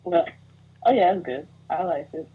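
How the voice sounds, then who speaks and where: Husky young woman ranting. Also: lowish voice, moderate pace. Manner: animated ranting, mocking put-on voices. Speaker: podcast guest. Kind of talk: casual podcast chat. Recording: tinny phone-like audio.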